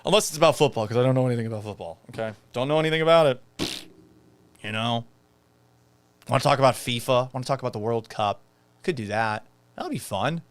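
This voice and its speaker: A man's voice: medium pitch, quick pace, long pauses, smooth. A man hosting a live-stream sports talk show, answering viewer comments in a brash, sarcastic and profane way, sometimes slipping into sing-song teasing. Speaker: sports talk podcast host.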